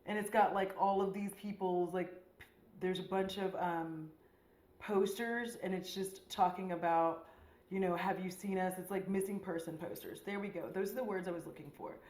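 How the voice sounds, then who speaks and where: A woman with a fairly low voice rambles through a casual makeup chat, full of slang, swearing and filler "likes." The room around her is echoey and bare. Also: fairly even intonation, normal speed, darkish tone. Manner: rambling, slangy and profane, with frequent "like". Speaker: beauty vlogger.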